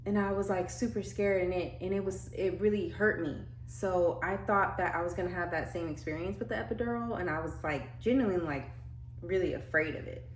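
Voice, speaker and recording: Chatty young mom vlogger, low voice, echoey room, lots of "like" fillers. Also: female voice, a little fast, a little hiss or hum. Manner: chatty, many "like" fillers, acts out quotes. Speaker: vlogger telling her birth story. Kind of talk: casual storytelling. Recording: echoey room with faint ambience.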